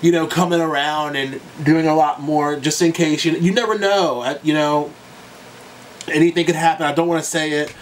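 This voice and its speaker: A man's voice: on the high side, steady tone, moderate pace, recorded from a distance, slight background noise, rough recording. A young man talking straight to his viewers in a casual reaction vlog, tearful and crying at times, emotional and swearing freely. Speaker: YouTube music reactor.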